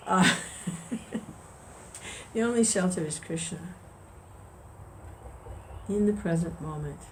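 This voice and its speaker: Low-voiced woman giving a spiritual talk. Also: slow, slight background noise, low-quality recording. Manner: conversational, restarts, chuckles. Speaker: devotional discussion leader. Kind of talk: informal spiritual talk with storytelling.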